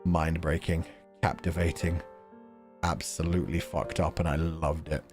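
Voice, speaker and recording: A young man streaming casually, chatting with viewers in an animated way, laughing often and swearing casually. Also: rumbling low, unhurried. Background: faint background music.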